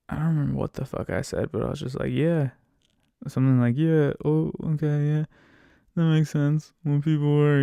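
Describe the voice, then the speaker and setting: A man's voice: medium pitch, vocal fry, mellow, dry recording, studio quality. A man hosting a podcast, rambling through a rideshare story in casual, profanity-laden talk, often quoting himself. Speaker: podcast host and rideshare driver.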